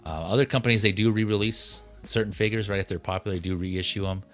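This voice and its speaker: A man's voice: fairly low pitch, quick pace, soft background music. A man hosting a casual livestream about collectible figures, chatting loosely with fillers and restarts. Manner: relaxed, rambling, many fillers and restarts. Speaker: livestream host.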